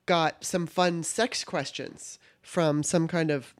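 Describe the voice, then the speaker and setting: A man's voice: a little high, steady tone, slow. A man co-hosting a podcast, laughing often and asking questions with hesitant restarts. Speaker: podcast co-host. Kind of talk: casual chat.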